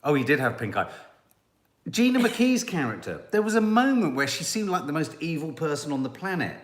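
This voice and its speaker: A man's voice: fairly high pitch, very animated, brisk, reverberant. A middle-aged man co-hosting a casual live chat about a TV drama, wry and laughing as he reads out his notes. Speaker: co-host of a live review show.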